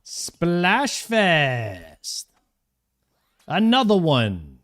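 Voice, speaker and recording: A man's voice: fairly high pitch, huge pitch swings, drawn-out words, a bit bright. A man streaming a video game live, chatting casually and thanking viewers by name.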